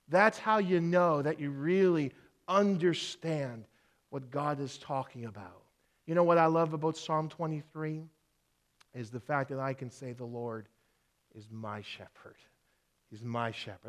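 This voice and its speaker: A man preaching as a pastor, teaching earnestly with rhetorical questions and slow, emphatic repeated phrases. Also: on the high side, a bit bright. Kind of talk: sermon.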